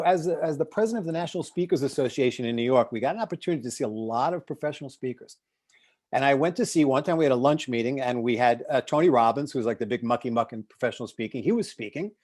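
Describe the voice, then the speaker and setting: A middle-aged man from the United States, a success coach giving an animated motivational talk on a video call, swinging from loud bursts to hushed asides as he tells stories. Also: a little high.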